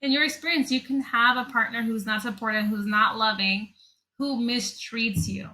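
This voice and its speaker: A woman hosting an interview podcast, affirming her guest and asking gentle questions. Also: fairly high pitch, steady tone, normal speed, low-quality recording. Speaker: podcast host.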